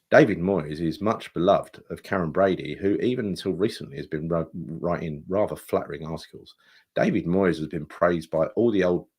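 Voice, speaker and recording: A man talks football in a loose, rambling fan chat. He swears freely and builds his points up with mock-dramatic flair, his voice sitting a little low. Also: a little mellow, slightly rough. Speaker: podcast co-host.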